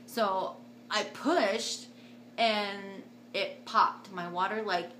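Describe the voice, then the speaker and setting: A bright-voiced young woman vlogger tells a story casually to camera, speaking extremely slowly over slight background noise. She is animated, acting out quotes with big jumps in pitch and loudness.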